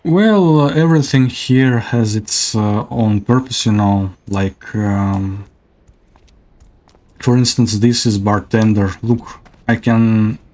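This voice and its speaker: A man's voice: fairly low pitch, slow pace, a little mellow. A man giving casual, hesitant gameplay commentary as a streamer. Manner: hesitant, many fillers.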